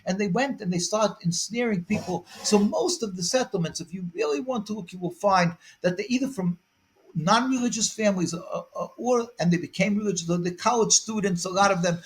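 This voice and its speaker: A man, a rabbi, giving long earnest interview answers, often repeating words as he searches for them and rising to forceful emphasis. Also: high-pitched.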